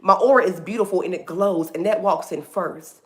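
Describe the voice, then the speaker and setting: A woman's voice: fairly low pitch, moderate pace. A woman hosting a faith talk livestream, preaching casually and animatedly, calling her listeners "baby".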